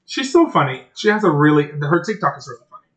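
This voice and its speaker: Playful, slightly high-voiced man co-hosting. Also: very animated, fast talker, fairly bright tone. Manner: playful, jumps between topics and silly voices. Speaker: podcast co-host. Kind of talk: casual chat.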